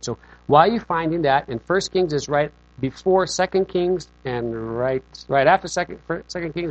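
A man preaching a sermon as pastor, in a conversational, joking way, often checking in with "okay?". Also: medium pitch. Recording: dull lo-fi recording.

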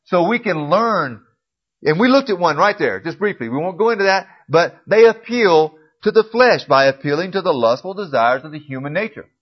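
A man teaching a casual Bible class in a church classroom. He clears his throat often and corrects himself as he goes. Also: high voice, expressive, moderate pace. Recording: dull lo-fi recording.

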